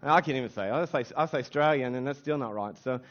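A man's voice: medium pitch, quick pace, a bit bright, muffled recording. An American man preaching a sermon in a casual, conversational way, often restarting phrases and using fillers. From United States. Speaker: pastor.

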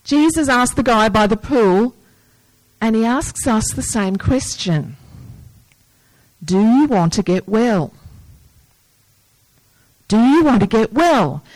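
A woman's voice: a little high, takes it slowly, pauses often, dry recording, poor audio. A woman preaching a sermon in an earnest, plain manner, reading scripture and asking the listeners questions. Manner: earnest, breaks into lively movie-yelling asides.

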